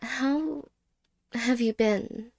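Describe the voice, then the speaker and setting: A woman as a hesitant, wistful ex-girlfriend in a slow whispered role-play. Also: a little high, exaggerated voice. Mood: tender. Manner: halting, hesitant, soft-spoken with whispered words. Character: wistful, apologetic young ex-girlfriend.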